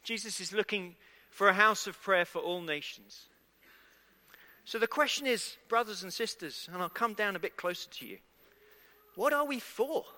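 A man's voice: high voice, lively intonation, normal speed, bright, forceful tone. A man preaching a sermon to a congregation, talking conversationally and asking them questions. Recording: echoey hall with long reverb.

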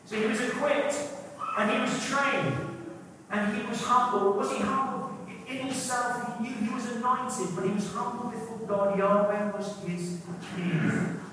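Male preacher, animated storyteller, sermon recorded from a distance in a very echoey hall. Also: extremely high pitch, measured pace. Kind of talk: sermon to a live congregation. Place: large hall with a congregation. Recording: echoey hall from far off, audible room noise.

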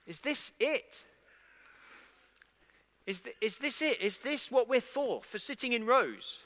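A man preaches slowly in a very high-pitched, fairly bright voice with lively intonation. Addressing the congregation conversationally, he asks them questions, and the recording has the long reverb of an echoey hall.

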